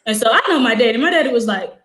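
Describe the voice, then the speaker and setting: A teenage girl and high school student, telling a story in casual chat, acting out the dialogue with lots of fillers. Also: very fast, roomy sound, rough recording. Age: teens. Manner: animated, acts out quoted dialogue, many "like" fillers.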